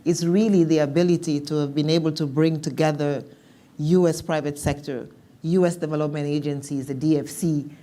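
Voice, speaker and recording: A woman speaking as a panelist in a policy discussion, measured and thoughtful, with some restarts. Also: deep voice, steady tone, warm tone.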